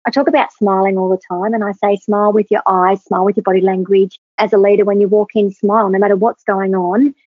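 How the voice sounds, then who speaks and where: A woman's voice: mid-range voice, no echo. A woman, a podcast guest, telling an emphatic, earnest story about leadership. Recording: tinny phone-like, husky, dry.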